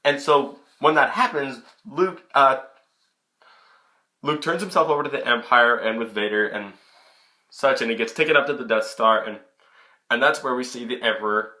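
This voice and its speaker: A man's voice: mid-range voice, moderate pace. A young man giving a casual, chatty film review into his camera. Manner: chatty, excitable, many restarts. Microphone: camera mic.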